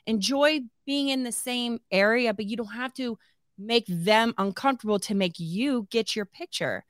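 A woman co-hosting a podcast in casual chat, animated and laughing often as she acts out what she and her husband said. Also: fairly high pitch, moderate pace, dry recording, clean studio sound. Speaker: podcast co-host.

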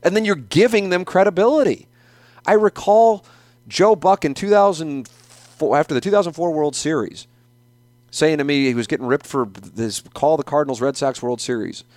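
A man's voice: a little high, normal speed, a little mellow, dry recording. A middle-aged man hosting his own podcast, ranting in a casual, profane way and repeating himself for emphasis. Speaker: podcast host. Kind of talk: opinionated casual rant.

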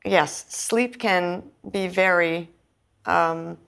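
A woman's voice: on the low side, very slow, creaky, fairly bright tone, clear, resonant tone. Woman candidly recounting her singing struggles. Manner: earnest, explains at length with fillers and restarts. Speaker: interview guest, singer-songwriter. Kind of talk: candid conversational interview.

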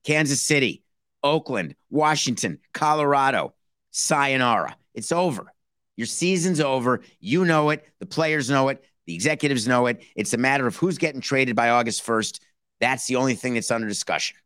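Male sports podcast host, mid pitch, dry close sound, animated and rhetorical, slips into quoted calls. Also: dry recording. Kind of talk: casual solo sports commentary.

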